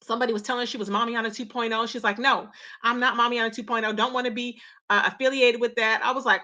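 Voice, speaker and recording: A woman hosting a casual live-stream gossip chat, animated and full of loud exclamations. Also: on the high side, fast talker.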